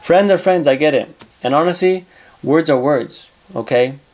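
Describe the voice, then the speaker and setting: A man's voice: fairly high pitch, normal speed, darkish tone. A man hosting an advice show, talking casually in a blunt, profane way and repeating himself for emphasis.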